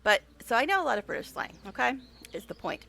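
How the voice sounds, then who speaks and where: A woman chats casually with her stream audience while playing a game. Her voice sits a little high, and it is bright with a gravelly edge. She rambles through anecdotes and laughs often. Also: very animated, fast, a little hiss or hum. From United States. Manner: chatty storyteller, laughs often, talks directly to chat.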